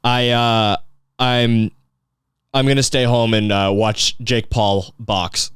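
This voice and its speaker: A man's voice: mid-range voice, flat delivery, slow, fairly bright tone, smooth, no echo, studio quality. A young man hosting a podcast, rambling in a casual, profane comedic rant full of fillers and restarts. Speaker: podcast host.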